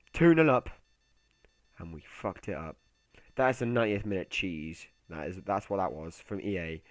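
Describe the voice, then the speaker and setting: Young male gaming commentator, low voice, chatty and excitable, dry close-mic sound. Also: moderate pace, no room sound. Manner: chatty, excitable, swings to muttered asides. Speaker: gaming YouTuber. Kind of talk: casual gameplay commentary.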